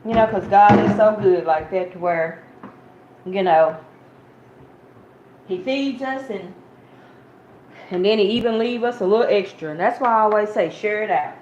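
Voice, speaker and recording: Kobieta głosząca kazanie, przytłumione nagranie w pogłosie. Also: female voice, medium pitch, moderate pace, long pauses, a little mellow. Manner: conversational, addresses listeners as y'all, acts out quotes. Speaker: preacher sharing a Bible story. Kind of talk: informal sermon, storytelling. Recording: muffled, roomy, faint hiss.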